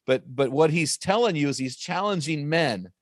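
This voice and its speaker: A man's voice: on the high side, lively intonation, normal speed, no echo, clean studio sound. A man speaking as a guest author, talking with energy and emphasis, repeating phrases as he tells stories. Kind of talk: emphatic faith-based storytelling.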